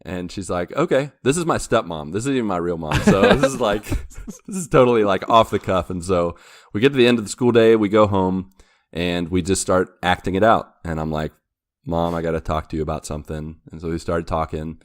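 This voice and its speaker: In a clean, dry studio recording, a young man hosting a podcast talks fairly quickly in a deep voice. He wanders through a long story in relaxed conversation, voicing quotes and laughing as he tells it.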